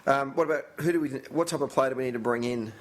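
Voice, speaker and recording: A man's voice: mid-range voice, racing. A man, co-hosting a loose, laughing football podcast chat and steering it with questions. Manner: loose, laughing, swearing banter, asks the questions. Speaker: podcast co-host. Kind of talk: casual chat.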